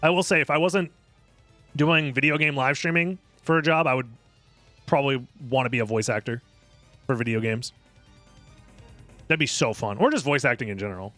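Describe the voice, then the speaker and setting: A young man casually commentating a live video game tournament in a rambling, jokey, excitable way. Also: medium pitch, moderate pace, long pauses, dry recording, soft background music.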